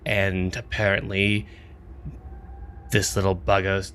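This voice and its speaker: A man's voice: deep voice, monotone, takes it slowly, a bit bright, slight background noise. A man voicing a young female lizard folk who speaks in a dry, exasperated, big-sisterly way.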